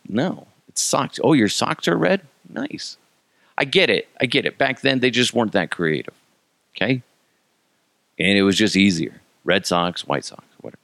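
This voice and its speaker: Host, male, 30s, from Colorado: sarcastic comic ranter, gravelly edge, swooping delivery. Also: fairly low pitch, pushed and bright, dry recording. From Colorado, USA. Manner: sarcastic, mocking, jumps into silly voices. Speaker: podcast host. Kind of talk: comedic solo rant.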